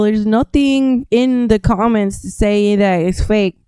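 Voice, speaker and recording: A woman's voice: medium pitch, unhurried, hardly any pauses, warm tone, smooth, dry recording. An American woman hosting a casual live stream, rambling as she reads out viewer comments. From United States. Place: home studio.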